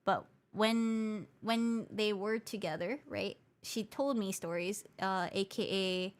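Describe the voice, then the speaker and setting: A woman from Hawaii chatting on a livestream, reading out viewer comments and answering them one by one. She slides between English and Japanese within a single sentence. She explains things patiently and comes back to the same point more than once, in a pitch that sits right in the middle for a woman. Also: slow, clear, resonant tone. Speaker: VTuber streamer.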